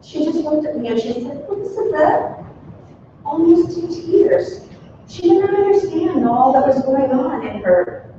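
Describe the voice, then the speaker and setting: A gentle, humble elderly Elizabeth, as a woman preacher puts her on, tells her story in a high, heartfelt voice. The sound is distant and echoes through a large church hall, with a dull, muffled tone. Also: expressive, noisy background. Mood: tender. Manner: heartfelt storytelling with soft pauses. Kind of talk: first-person dramatic monologue in a sermon.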